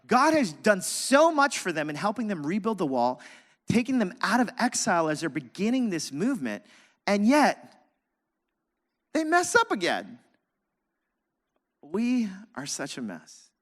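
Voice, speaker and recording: A man, a pastor, preaching a sermon and telling a lively personal story, acting out his own outbursts and laughing at himself. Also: high-pitched, unhurried, pauses often, big-room sound.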